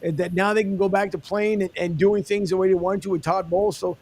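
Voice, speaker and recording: A man's voice: high voice, steady tone, quick pace, gravelly, a little mellow. A man hosting a sports podcast, sharing rambling opinions in an easygoing way. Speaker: podcast host. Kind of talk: casual podcast chat.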